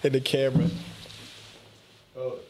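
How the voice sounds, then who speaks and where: A man's voice: medium pitch, monotone, unhurried, darkish tone. A young man in casual chat who speaks in short, laid-back remarks and laughs often.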